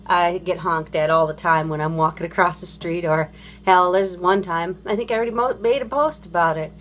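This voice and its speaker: A woman's voice: on the low side, a little fast, fairly bright tone, slight background noise. A woman and parent ranting about other drivers in a casual, rambling monologue, blunt and profane, full of fillers and restarts. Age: adult parent. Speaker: vlogger.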